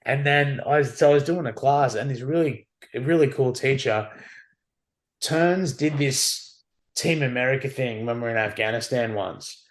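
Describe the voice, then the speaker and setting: Man, podcast guest, casual storytelling, animated, swears now and then. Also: medium pitch, normal speed. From Australia.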